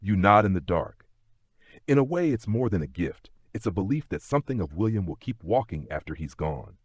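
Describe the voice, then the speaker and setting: A man narrating a history sleep story in a slow, gentle second-person telling. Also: low-pitched, breathy edge, no room sound.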